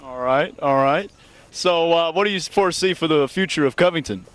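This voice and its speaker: A man's voice: a little high, moderate pace, a bit bright. A man interviewing people at an event, upbeat and brief, with a slightly raised voice.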